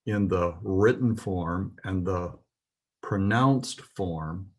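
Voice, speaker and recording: A man with a husky voice teaching a lesson, reading words slowly and carefully with some pauses. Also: low voice, darkish tone. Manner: spells out words carefully, pausing with "uh". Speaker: Hebrew teacher. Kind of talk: slow, deliberate lesson.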